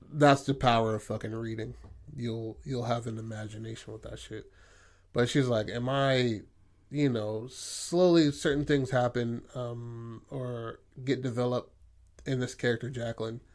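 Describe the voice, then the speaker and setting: A male podcast co-host talks through a story idea in a loose, rambling way. He swears freely and leans on fillers like "like" and "you know". His voice sits at an average pitch. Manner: rambling, profane, filler-heavy. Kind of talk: casual brainstorming chat.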